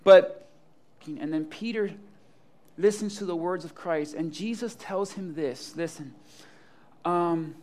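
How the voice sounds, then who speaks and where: A man delivering a sermon with a fairly high voice. He reads scripture, then retells it in casual, animated voices, mixing drama with humor. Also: slow, long pauses. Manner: animated, acts out Bible scenes in casual voices, laughs often. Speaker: preacher.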